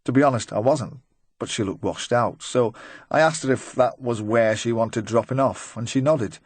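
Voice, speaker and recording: A man's voice: mid-range voice, moderate pace, no echo, natural voice. A man voicing a nervous, talkative middle-aged van driver who rambles and tries to joke his way through questioning. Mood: chatty, uneasy. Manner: rambling, eager to please, forced joviality.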